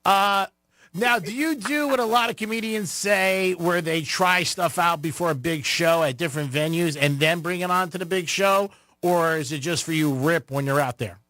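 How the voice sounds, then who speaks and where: High bright radio host guy, chatty, dry studio sound. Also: normal speed, no echo. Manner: chatty, self-mocking storyteller. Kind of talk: radio interview chat.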